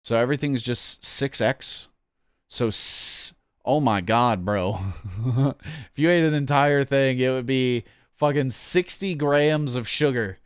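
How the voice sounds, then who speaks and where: A man's voice: medium pitch, slow, clean tone, no room sound, studio quality. A man chatting casually on a stream, rambling and swearing in a jokey, offhand way. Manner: rambling, profane, jokey, says "bro".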